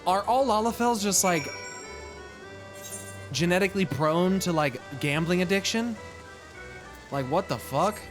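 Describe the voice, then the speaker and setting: Dude streaming a game, fairly high voice, super animated, jokes and swears a lot. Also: male voice, unhurried, pauses often, over music. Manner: animated, jokey, swears casually, laughs often. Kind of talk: casual gameplay commentary, reading dialogue aloud.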